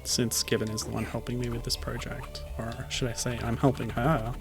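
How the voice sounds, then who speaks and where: Gravelly-voiced man chatting while gaming. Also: medium pitch, flat delivery, moderate pace. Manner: chatty, rambling off-topic tangents. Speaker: game streamer. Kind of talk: casual gameplay commentary. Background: game music.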